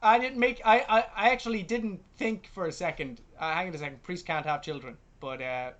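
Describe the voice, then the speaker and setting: A man co-hosting a film review podcast in casual chat, stubborn and animated, often trailing off into low mumbles over a video call. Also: brisk, highs cut off. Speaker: podcast co-host, film critic.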